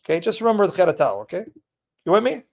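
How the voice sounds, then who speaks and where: A man hosting a live stream, lecturing a caller in a heated, forceful way. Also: high-pitched, big pitch swings, rapid-fire, gravelly. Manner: forceful, lecturing, berating chat commenters. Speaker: livestream host. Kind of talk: heated live teaching and chat.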